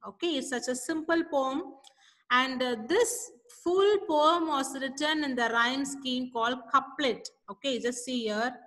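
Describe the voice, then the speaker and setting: Female teacher, high bright voice, unhurried explanations with frequent "understood?" checks, reverberant room. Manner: explains slowly, asks frequent comprehension checks. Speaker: English teacher. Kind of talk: classroom poetry lesson.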